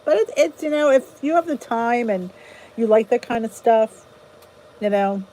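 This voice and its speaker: A chatty woman hosting a relaxed livestream and answering viewers' comments. Her voice sits a little high and warm, and it swings widely in pitch as she rambles and restarts her sentences. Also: moderate pace, low-quality recording. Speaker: channel host. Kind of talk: casual livestream chat.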